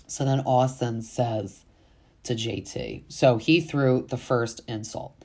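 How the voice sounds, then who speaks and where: A woman's voice: extremely low pitch, fairly even intonation, slow pace, darkish tone. A woman hosting a casual reality TV recap, chatty and full of fillers, with exasperated asides.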